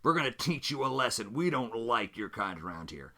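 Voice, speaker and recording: A man's voice: mid-range voice, very animated, a little fast, bright, forceful tone, heavily acted. A man voicing a hostile, bigoted male thug leader in a solo tabletop game, with sneering threats. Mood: threatening.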